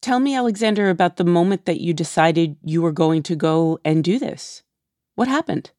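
A woman hosting a podcast, narrating from a script and interviewing in a measured, deliberate way. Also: on the low side, animated, a little mellow, no room sound, studio quality. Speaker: podcast host.

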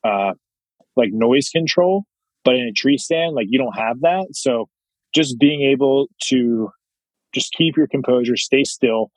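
A man's voice: mid-range voice, a little slow, no echo, rough recording. A young man talking as a podcast guest, thoughtful and rambling, with lots of "uh"s and "you know"s. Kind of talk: casual interview chat.

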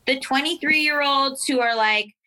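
A woman co-hosting a podcast, chatting casually and telling animated, jokey stories. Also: sits high, measured pace. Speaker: podcast co-host. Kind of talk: casual chat.

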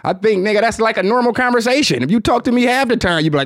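This Detroit podcast host talks low and fast in an expressive, mumbling way that's hard to follow, loose and profane with lots of filler words. It's a casual chat, recorded dry with no room sound.

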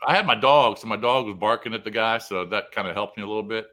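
Bright-voiced man telling a road story. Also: lowish voice, quick pace. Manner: animated, acts out quoted dialogue in the story. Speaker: co-host telling a travel story. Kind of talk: casual storytelling chat.

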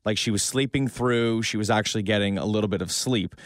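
A man's voice: lowish voice, quick pace, no room sound, studio quality. A young man co-hosting a radio show, rambling in an easygoing way and laughing often. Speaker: radio co-host. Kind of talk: casual radio chat. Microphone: studio microphone.

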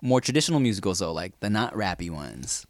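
A man's voice: deep voice, sing-song, a little fast, dry recording, studio quality. A man co-hosting a podcast, chatting casually and animatedly, laughing often and breaking into song. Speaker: podcast co-host. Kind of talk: casual chat.

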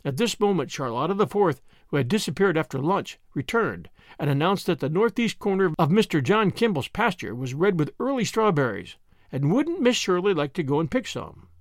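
Male audiobook narrator, high and animated, dry booth-like read. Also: normal speed, no echo. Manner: expressive storytelling. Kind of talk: scripted narration.

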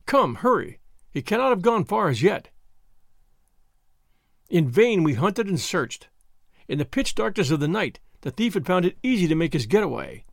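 A man narrating a story in a measured, expressive way. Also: a little high, no echo, clean studio sound. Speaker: audiobook narrator. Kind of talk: scripted narration.

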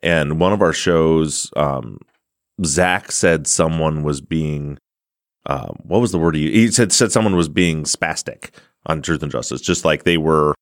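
A man's voice: extremely low pitch, measured pace, no echo. A man, hosting a casual podcast chat. He rambles through anecdotes with self-deprecating humor, and the sound is close and dry. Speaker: podcast host.

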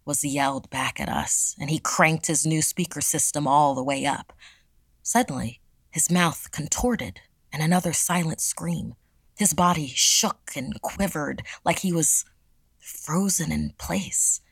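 Low, gravelly woman narrating horror. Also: measured pace, no echo. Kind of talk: first-person horror story narration.

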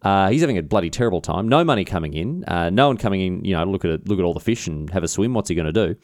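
A man's voice: low-pitched, expressive, very fast, darkish tone, no room sound, studio quality. A man with an Australian accent hosting a comedic history podcast, rambling and mock-indignant, swearing casually as he tells the story. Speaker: podcast host.

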